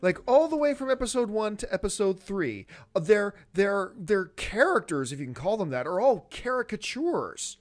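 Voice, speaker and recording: A man's voice: high voice, big pitch swings, normal speed, hardly any pauses. A man hosting a rant show, speaking in an exasperated, emphatic and sarcastic way. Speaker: host. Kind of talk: opinion rant.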